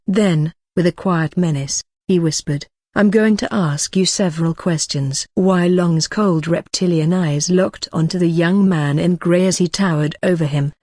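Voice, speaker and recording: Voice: medium pitch, darkish tone, no room sound, clean studio sound. An audiobook narrator reading a fantasy story aloud, with occasional fillers and slips.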